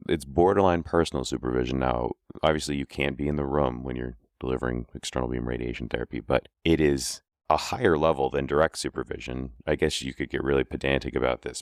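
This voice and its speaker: A man's voice: rumbling low, no echo, studio quality. A man hosting a solo podcast as a radiation oncologist, talking in an exasperated, sarcastic, rambling way with many restarts.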